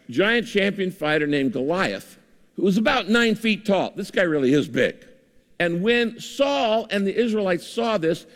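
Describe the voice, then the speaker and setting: A man preaching a sermon to a congregation, asking lively rhetorical questions and retelling stories. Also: a little high. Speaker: pastor. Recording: long hall reverb.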